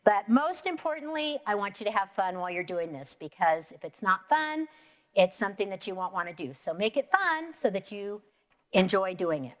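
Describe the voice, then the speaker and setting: A woman teaching a recorded lesson to young students, talking clearly and patiently and counting syllables out slowly. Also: mid-range voice, sing-song. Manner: clear, encouraging, slow and deliberate when counting syllables. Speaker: elementary school teacher.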